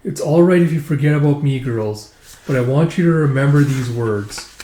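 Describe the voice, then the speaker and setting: A man's voice: mid-range voice, moderate pace, mellow, natural voice. A man voicing a weary, dying woman who speaks in a subdued, melancholy way, close to his own voice. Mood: tender. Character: weary adult woman, dying, resigned and tender. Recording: roomy echo.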